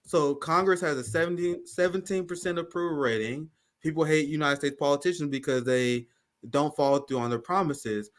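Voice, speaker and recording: A man's voice: a little high, fairly quick. A man hosting a casual livestream, laid-back and slangy, laughing often, who says he grew up with a speech impediment. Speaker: livestream host.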